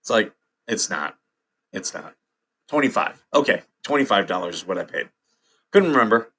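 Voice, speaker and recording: With a lowish, sing-song voice that's bright, forceful, and slightly rough, this livestream host moves at a moderate pace. He has hiccups while he chats with viewers, reads headlines, and laughs a lot at the chat and news.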